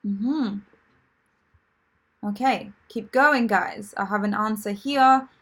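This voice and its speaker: A woman's voice: mid-range voice, takes it slowly, a bit bright. A woman teaching English vocabulary in a live online lesson, chatty and encouraging, with many fillers and restarts.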